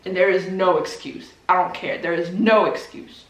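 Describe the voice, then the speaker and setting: A woman's voice: lowish voice, fairly even intonation, moderate pace. A woman who makes book videos, angrily ranting straight at her viewers, blunt and profane and hammering her points through repetition. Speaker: BookTube creator. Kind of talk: angry direct-to-camera rant. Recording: roomy echo.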